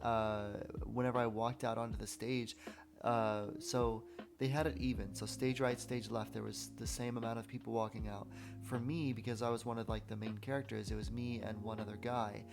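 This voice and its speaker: Gravelly-voiced man hosting a casual chat. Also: on the low side, moderate pace, music in the background. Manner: relaxed, storytelling, chatty. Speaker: podcast host. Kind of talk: casual conversational interview.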